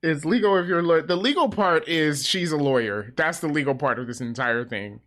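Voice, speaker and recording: A man's voice: a little high, fairly quick, a bit bright. A man co-hosting a podcast, chatting casually and trailing off while he searches for a thought. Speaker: podcast co-host. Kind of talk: casual chat.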